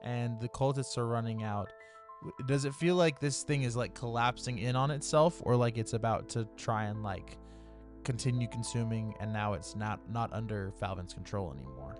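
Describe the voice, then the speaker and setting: A man's voice: medium pitch, moderate pace, over music. A man playing a tabletop game, asking questions as he thinks. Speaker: player.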